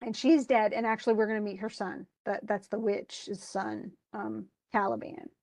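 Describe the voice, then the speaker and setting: A woman's voice: medium pitch, steady tone, moderate pace, gravelly, darkish tone, dry recording. A woman teacher talking a class through a play in casual, chatty explanations.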